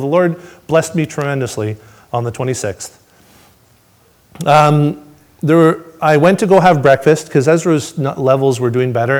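A man telling his testimony to a congregation, swinging between excited storytelling and hushed, reflective moments. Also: on the high side. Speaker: father sharing a testimony.

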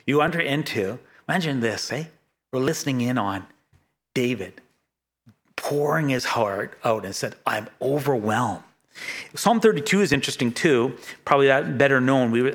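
Middle-aged man, pastor preaching; earnest, stop-start delivery with frequent restarts, mid-pitched voice. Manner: earnest, halting, many restarts and stammers. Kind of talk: sermon.

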